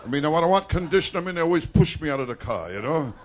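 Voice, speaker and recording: A male stand-up comedian delivering rapid self-deprecating one-liners on a nightclub stage, often breaking in with "I tell you.". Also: on the high side, expressive. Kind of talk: live stand-up routine. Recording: noisy live club recording with crowd. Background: audience laughter and applause.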